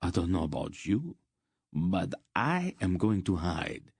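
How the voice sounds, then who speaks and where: A man's voice: low voice, big pitch swings, takes it slowly, vocal fry, a little mellow, breathy edge, dry recording, studio quality, exaggerated voice. A man voicing a frightened male merchant who means to hide and flee. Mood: fearful.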